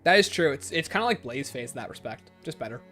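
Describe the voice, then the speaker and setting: A man chatting casually on a gaming livestream, answering viewer comments and reeling off long lists in quick succession. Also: animated, a bit bright, soft background music. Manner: rapid-fire listing, sliding up and down in pitch.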